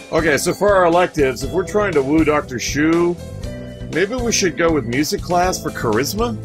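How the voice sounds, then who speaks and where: A man casually commenting on a dating game he plays, tossing in self-mocking jokes. His voice is animated with big swings, a touch higher than most men's. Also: normal speed, music in the background. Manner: joking, self-mocking asides. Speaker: let's play host.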